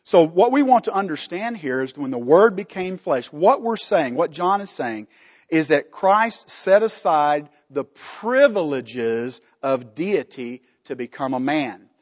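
A man's voice: fairly high pitch, lively intonation, a little slow, big-room sound, dull audio. Emphatic man teaching a Bible lesson. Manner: emphatic, asks questions and answers them. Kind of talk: Bible study lecture with slides.

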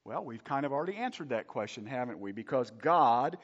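A man's voice: mid-range voice, very animated, brisk. A middle-aged male pastor delivering an emphatic sermon, asking his congregation rhetorical questions. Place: church hall. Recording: dull recording with long hall reverb.

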